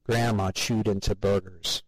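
Low-voiced man telling a story. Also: fairly even intonation, unhurried, low-quality recording. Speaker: narrator. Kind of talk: storytelling narration.

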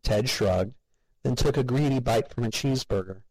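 A man's voice: mid-range voice, moderate pace, no room sound, poor audio. A man narrating a story as an audiobook reader, voicing the characters himself. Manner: steady, gravelly, reads all the voices. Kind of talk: scripted narration.

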